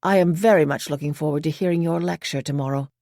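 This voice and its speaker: A woman reading an audiobook, voicing a thin middle-aged British man with a British accent who speaks in a polite, well-modulated, measured way. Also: deep voice, warm tone, no room sound, studio quality. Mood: courteous.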